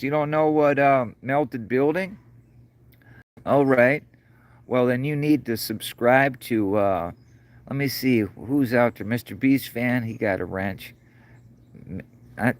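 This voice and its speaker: A middle-aged man hosting a casual livestream, rambling in a folksy way, choked up and calling viewers brother and sir. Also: fairly low pitch. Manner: choked up, voice breaking. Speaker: livestream host.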